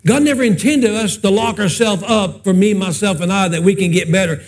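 A man's voice: high-pitched, brisk. A man preaching a sermon, telling humorous personal stories in a folksy, chatty way and asking the congregation questions. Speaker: pastor.

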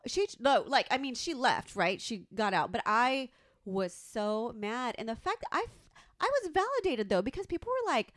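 A woman in her thirties telling a story in casual chat, animated and profane, acting out the quotes. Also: fairly high pitch, normal speed, dry recording, studio quality. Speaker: podcast co-host.

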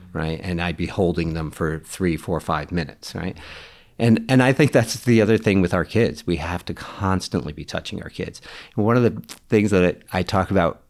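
A man talking in a relaxed, earnest way about parenting and mentoring, often quoting people. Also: sits low. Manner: earnest, reflective, quotes others in animated voices. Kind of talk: casual conversation.

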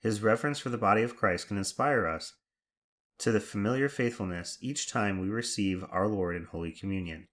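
A man leading devotional prayers and reflections in a measured, reverent recitation. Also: fairly low pitch, fairly bright tone. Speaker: prayer leader.

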